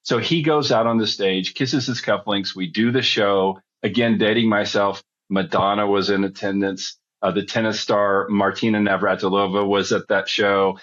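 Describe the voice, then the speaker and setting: Middle-aged male guest, low-pitched, rambling storyteller, muffled audio. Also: fairly even intonation, moderate pace, hardly any pauses, fairly bright tone. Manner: rambling, chatty storyteller who backtracks. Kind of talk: storytelling in a podcast interview.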